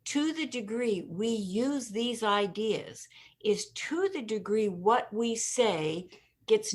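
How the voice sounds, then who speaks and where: A woman being interviewed, telling stories with energy and emphasis and laughing at her own jokes. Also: medium pitch. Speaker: interview guest, communication expert. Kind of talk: conversational interview.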